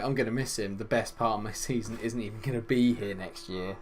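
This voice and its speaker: A young man commentating on his football management game, swinging between loud exasperation and low grumbling. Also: a little fast, slight background noise. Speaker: gaming YouTuber.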